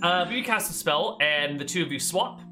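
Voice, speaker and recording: A man's voice: on the high side, animated, normal speed, over music. A man narrating as game master of a tabletop role-playing game, playful and chatty.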